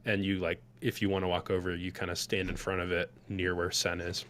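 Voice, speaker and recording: Low-voiced, rambling game master. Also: male voice, little pitch movement, brisk, a bit bright, slight background noise. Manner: loose, rambling with many fillers. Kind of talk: narrating a tabletop game.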